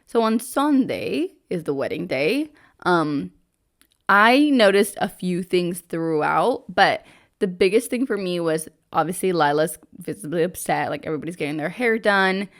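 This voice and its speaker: A woman's voice: on the low side, animated, moderate pace. Chatty woman co-hosting a book podcast. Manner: chatty, lots of "like", retells plot with quoted lines. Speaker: podcast co-host. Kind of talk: casual book club chat.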